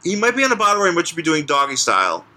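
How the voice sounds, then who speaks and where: A man co-hosting a comic book podcast, chatting casually in a rambling, halting, joking way. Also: on the high side, huge pitch swings, pushed and bright. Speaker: podcast co-host. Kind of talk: casual chat.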